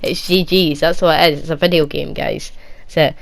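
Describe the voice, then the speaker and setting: A woman's voice: lowish voice, brisk, slight background noise. Blunt, teasing young woman gamer. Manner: blunt, teasing, dismissive of bragging. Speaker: gaming YouTuber answering viewer questions. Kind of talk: casual Q&A chat.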